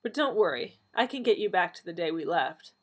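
A woman voicing the Doctor, a weary, dry-witted alien time traveller man, speaking gently in a lowish, husky voice. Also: big pitch swings, fairly quick.

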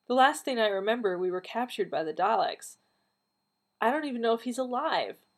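A feisty, blunt woman who teases and exclaims, as a female reader puts her on. Her voice jumps up in pitch and volume with a husky edge, storybook style. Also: expressive, fairly quick.

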